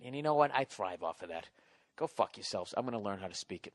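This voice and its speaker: A man's voice: on the low side, fast, no room sound. A man hosting a podcast, telling a story in a casual, rambling, profane way, with a Boston accent and a self-mocking edge. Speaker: podcast host.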